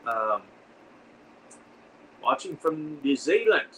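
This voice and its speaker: A man's voice: a little high, sing-song, takes it slowly, fairly bright tone, distant mic, poor audio. Livestream host, male, rambling chatty delivery, set back from the mic with faint noise behind him. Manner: rambling, reads and answers viewer comments. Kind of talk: casual livestream chat.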